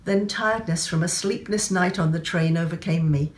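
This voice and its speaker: Lady novelist reading from her book, calm measured storytelling, somewhat low voice. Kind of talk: reading aloud from her novel and giving tips.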